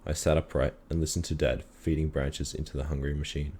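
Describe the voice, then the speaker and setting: Very deep-voiced man reading a story. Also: breathy edge. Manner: calm, measured storytelling. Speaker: reader. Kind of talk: reading a children's story aloud.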